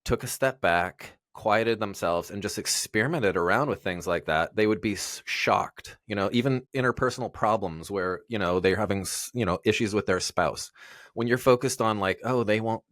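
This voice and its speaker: A man's voice: on the low side, moderate pace, a bit bright, dry recording, studio quality. A man guest in a casual interview, talking earnestly and rambling with many fillers and restarts.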